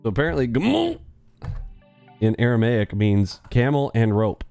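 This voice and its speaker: Mellow-voiced joking man hosting a trading stream. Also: mid-range voice, huge pitch swings, unhurried, vocal fry, soft background music. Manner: joking, rambling, playful sound effects. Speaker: live trading stream host. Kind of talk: casual chat while trading live.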